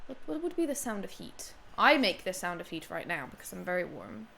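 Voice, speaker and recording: A woman streamer giving casual gameplay commentary, excitable and foul-mouthed, yelling at enemies on screen. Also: on the low side, a little fast, creaky, slight background noise. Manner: excitable, swears a lot, yells at enemies. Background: game music.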